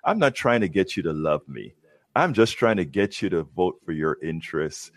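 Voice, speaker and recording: A man's voice: deep voice, very animated, normal speed, no echo. A man hosting a political talk show, talking in an emphatic way with many stumbling restarts. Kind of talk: casual political chat.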